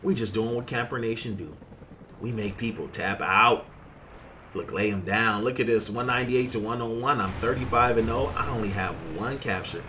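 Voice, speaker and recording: A man giving excited commentary over his gameplay, trash-talking and hyping his plays. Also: lowish voice, normal speed, slight background noise. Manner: hyped, trash-talking, keeps saying look at that. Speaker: gaming YouTuber.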